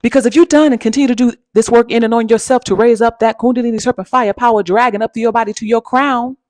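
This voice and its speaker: A woman's voice: on the high side, steady tone, quick pace, a little mellow, no room sound. A woman giving an emphatic, repetitive motivational talk as a spiritual coach, using pet names and a preacher-like cadence. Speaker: spiritual coach and channel host.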